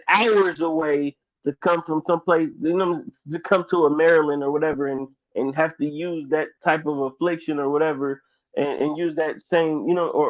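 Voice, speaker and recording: A man from Dayton, Ohio, co-hosting a podcast, rambling in an animated casual chat with lots of fillers. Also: fairly high pitch, no echo. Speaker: podcast co-host. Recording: dry, tinny phone-like sound.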